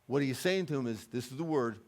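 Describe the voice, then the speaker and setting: An American man preaching a sermon in a church, moving between quiet conversational asides and loud, urgent climaxes. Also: lively intonation, a little fast, creaky. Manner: impassioned, rising to loud urgent peaks then dropping low and conversational. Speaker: guest preacher. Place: church sanctuary.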